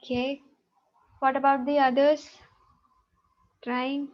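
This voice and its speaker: A woman's voice: high-pitched, little pitch movement, slow pace, dull audio. A woman math teacher, patiently checking students' answers in an online class over a video call.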